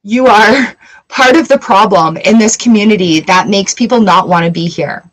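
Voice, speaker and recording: A woman's voice: mid-range voice, moderate pace, fairly bright tone, rough recording. Chatty, giggly woman reading tarot live. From Canada. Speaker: tarot reader livestream host.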